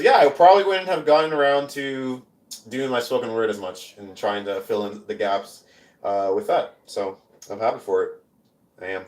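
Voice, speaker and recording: A man performing his spoken word poetry on a live stream, with casual rambling talk between the poems and chanted, repeated lines within them. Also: fairly low pitch. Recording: roomy echo.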